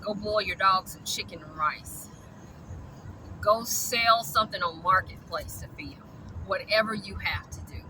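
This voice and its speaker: A woman's voice: mid-range voice, unhurried, noisy background. A woman, ranting bluntly and profanely in a vlog about dog rescue.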